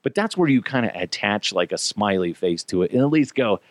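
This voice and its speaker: A man hosting a podcast in casual opinion talk, animated and profane, drifting between tangents. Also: medium pitch, moderate pace, few pauses, dry recording. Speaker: podcast host.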